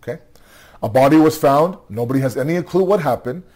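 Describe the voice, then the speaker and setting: A man's voice: medium pitch, expressive, a little fast, a little mellow. Tired man telling a religious story. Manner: conversational storytelling, frequent "okay?" check-ins and repeated restarts. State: tired, yawning. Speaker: religious speaker. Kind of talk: nightly religious storytelling talk.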